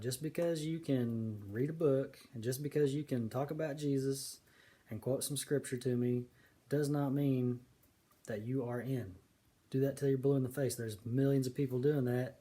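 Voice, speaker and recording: A man giving casual, earnest commentary on scripture, stressing key words slowly. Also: mid-range voice, warm tone. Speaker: video preacher.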